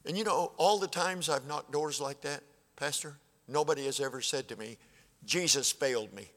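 Older preacher in a reverberant church. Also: male voice, a little high, moderate pace, a bit bright. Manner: folksy, plainspoken, acts out conversations. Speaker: pastor. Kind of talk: sermon with storytelling. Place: church sanctuary.

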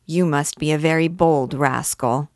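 A woman's voice: low voice, steady tone, unhurried, no echo, clean studio sound. Woman reading as a proud, scornful young gypsy woman.

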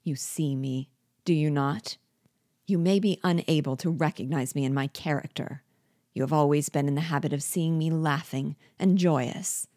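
A woman's voice: deep voice, moderate pace, warm tone, no echo, clean studio sound, natural voice. A woman reading aloud as a vengeful, scheming male dwarf who was once a jester, speaking with bitter, gloating deliberation.

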